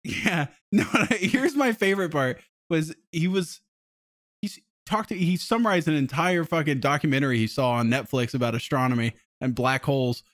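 A man's voice: fairly high pitch, moderate pace. A man hosting a podcast, telling a story in a casual, rambling way, swearing often and laughing. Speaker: podcast host.

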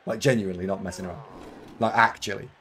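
A man's voice: low voice, fairly even intonation, fast, fairly bright tone, slight background noise. A man streaming a game live, chatting casually with viewers and thanking them, with lots of fillers. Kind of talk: casual live-stream chat while playing.

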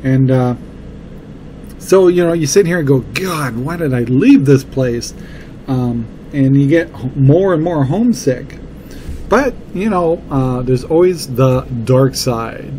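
A man's voice: medium pitch, animated, a little slow, dark tone. A middle-aged man from Washington State hosting a casual solo podcast from a motel room, rambling and repeating words for emphasis on a cheap microphone. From Washington State, USA. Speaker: podcast host. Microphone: cheap mic that picks up room noise. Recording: faint room noise on a cheap mic.

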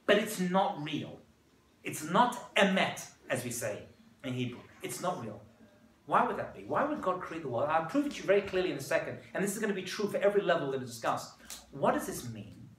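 Animated rabbi lecturing in echoey room. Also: male voice, on the high side, distant mic, a little hiss or hum. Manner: animated, acts out quoted voices, jokes with audience. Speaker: rabbi giving a talk. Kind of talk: lively lecture with stories. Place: room with audience.

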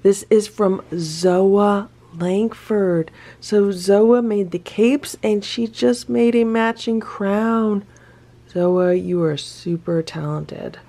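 Speaking slowly in a mellow, medium-pitched voice, this middle-aged woman runs a cat rescue channel. She opens gifts on camera in relaxed, chatty fashion, delighted by each one, sometimes whispering or cooing to her cat.

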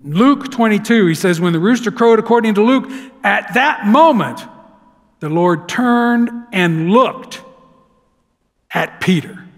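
High-voiced pastor preaching in a reverberant church. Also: male voice, expressive, slow. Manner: storytelling, dramatic swings from loud to hushed. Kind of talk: sermon. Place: church sanctuary. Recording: long hall reverb.

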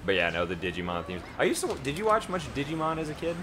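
A man's voice: fairly high pitch, huge pitch swings, fast, bright, forceful tone. A young man casually bantering and joking while playing a video game with a friend, laughing often. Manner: jokey, laughs often, teasing. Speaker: let's play co-host. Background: video game music.

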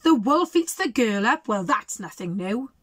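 A woman reading aloud puts on a bossy storybook librarian, fed up and scolding in a raised, higher voice. The room sounds dry and close. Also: big pitch swings, unhurried, a bit bright, breathy edge, no echo, exaggerated voice. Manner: scolding, exasperated. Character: exasperated, bossy female librarian.

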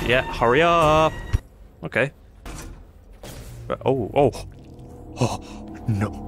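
A man commentating his own play of a game, nervous and profane, yelping and muttering to himself. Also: mid-range voice. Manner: jittery, swearing, yelps in panic. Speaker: gaming YouTuber. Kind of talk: live let's-play commentary.

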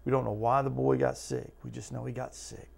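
A man with a gravelly edge leads a Bible study in a plain, mid-pitched voice. He teaches in an earnest, conversational way, asking listeners question after question and acting out the people in the scripture. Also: little pitch movement, brisk. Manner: earnest, talks to listeners with repeated questions, acts out quotes.

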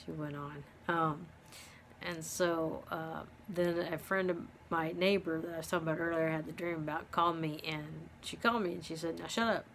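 A middle-aged woman telling a personal story, pausing often with ums and restarts. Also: low-pitched, flat delivery, fairly bright tone, slight background noise. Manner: halting, many ums and restarts. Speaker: vlogger living with dementia.

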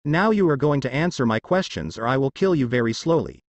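A man's voice: medium pitch, lively intonation, fairly quick, no room sound, muffled recording, lightly acted. A man reading a story aloud, voicing a young male ninja who makes cold, emotionless threats. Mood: threatening.

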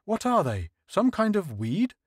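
A man voicing a nervous male space crewman who speaks in uneasy, hurried remarks. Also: high voice, wildly swooping pitch, no room sound, studio quality, pitched above the performer's own voice, exaggerated voice.

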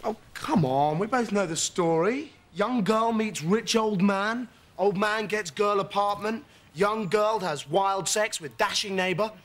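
An actor playing a wry, playful, self-mocking charmer. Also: male voice, high-pitched, measured pace, hardly any pauses, fairly bright tone, slight background noise.

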